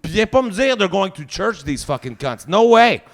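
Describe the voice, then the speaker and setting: A man's voice: high voice, big pitch swings, brisk, fairly bright tone. A man in his forties with a Québécois French accent, doing a profane, ranting stand-up comedy set. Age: 40s. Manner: profane, ranting, swears heavily.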